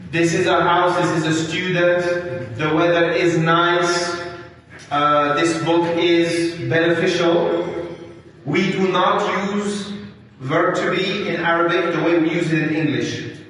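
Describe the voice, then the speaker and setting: Slow-talking teacher in an echoey hall. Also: male voice, fairly high pitch, steady tone, a bit bright. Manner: slow, patient, questions students by name. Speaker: Arabic teacher. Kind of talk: classroom lesson. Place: classroom. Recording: echoey hall, mic far off.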